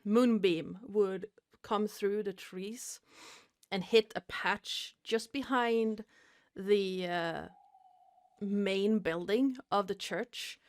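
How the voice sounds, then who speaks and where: A woman's voice: mid-range voice, drawn-out words, dry recording, studio quality. A woman narrating a tabletop horror game as game master, hesitant and full of fillers.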